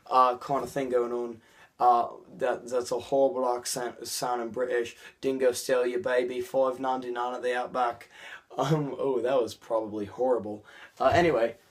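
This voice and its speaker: A young man vlogging an episode review in a rambling, chatty way, full of restarts. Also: mid-range voice. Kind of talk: casual episode review vlog.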